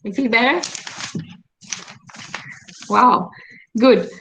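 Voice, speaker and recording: A woman with an Indian English accent runs a workshop over a video call, speaking in a fairly high voice. She keeps checking in with her listeners and asking them questions as she guides them through it. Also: drawn-out words, fairly bright tone, slight background noise, poor audio. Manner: engaging, asks the audience frequent questions. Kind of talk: interactive online workshop session.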